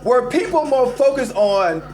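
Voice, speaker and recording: A man's voice: very high-pitched, a little slow, soft background music. A man hosting a live call-in show, ranting emphatically about sports and talking straight to his listeners. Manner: animated, emphatic, addresses listeners as y'all. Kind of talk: casual sports rant.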